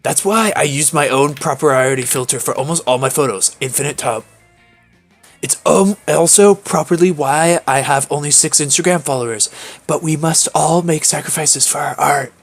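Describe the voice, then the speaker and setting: A man's voice: a little high, moderate pace, creaky, faint music behind. A man voicing a pompous young vampire photographer from a game, speaking in an artsy, self-serious way.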